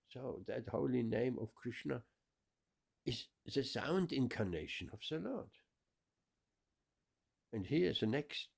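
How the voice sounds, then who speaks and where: A man's voice: lowish voice, creaky, darkish tone. A man giving a scripture class, explaining verses with emphatic repetition. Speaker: spiritual teacher.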